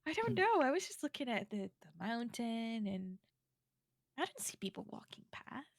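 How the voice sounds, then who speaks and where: Higher-voiced woman, giggly role-play player who trails off mid-thought. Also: sing-song, moderate pace. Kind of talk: casual out-of-character chat. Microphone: streaming mic.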